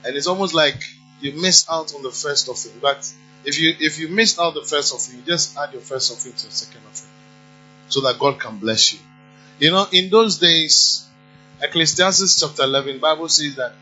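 High, piercing preacher man. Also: a little fast, bright, forceful tone, dull audio, faint music behind. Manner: exhorting, repeats amounts in a chanting call. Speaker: pastor. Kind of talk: sermon and offering appeal. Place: church.

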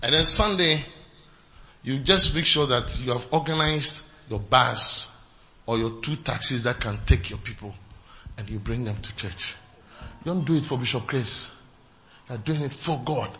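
A man preaching a sermon as pastor, swinging from shouted exclamations to low, quiet asides. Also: normal speed, dull audio.

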